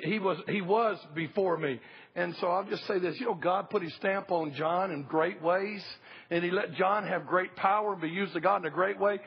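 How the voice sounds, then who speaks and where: High, very husky male pastor, emphatic and repetitive, muffled lo-fi church tape. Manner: emphatic, repeats key phrases, calls for amens. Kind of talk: sermon. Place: church service.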